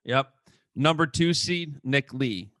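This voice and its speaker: A man co-hosting a podcast, chatting casually and animatedly with frequent restarts. His voice is bright and forward. The sound is dry and close, with little room around it. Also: medium pitch, dry recording. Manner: quick, animated, full of "like" and restarts. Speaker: podcast co-host. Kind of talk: casual chat about wrestling.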